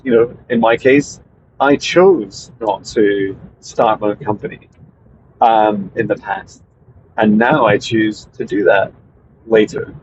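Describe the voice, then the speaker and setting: A man, a spiritual mentor, talking casually to his viewers in a meandering way, often pausing and restarting. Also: lowish voice, darkish tone, muffled recording, slight background noise. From Scotland. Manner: meandering, hesitant with fillers and restarts.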